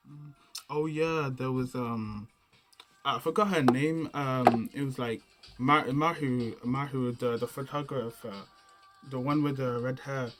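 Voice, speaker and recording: A man's voice: medium pitch, steady tone, a little slow, a bit bright, faint music behind. Rambling young man reviewing games casually. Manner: rambling and slangy, often restarting and searching for words. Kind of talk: casual unscripted game review.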